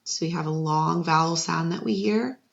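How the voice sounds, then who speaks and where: In a muffled, lo-fi recording with a little hiss or hum, a deep-voiced, creaky woman teaches second graders to spell at a moderate pace. She sounds out each syllable patiently and cheers the children on.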